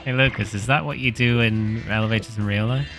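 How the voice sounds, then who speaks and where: A man's voice: fairly low pitch, fairly quick, fairly bright tone, faint music behind. A man chatting casually and teasing his friends while they play a game. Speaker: gameplay commentator. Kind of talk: casual chat.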